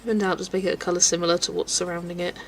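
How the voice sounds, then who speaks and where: A woman's voice: lowish voice, level tone, very fast, a little hiss or hum, low-quality recording. A woman in her twenties with a West Country accent, chatting casually while colouring on a live stream, thinking aloud and laughing often. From England.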